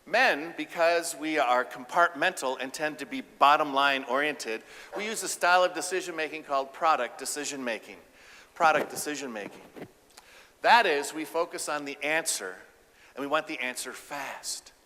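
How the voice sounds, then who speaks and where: Keynote speaker, man, comic delivery, bright and forceful tone, echo of a large hall. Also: a little high, moderate pace. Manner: animated, acts out quotes with a raised voice. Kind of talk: humorous keynote talk.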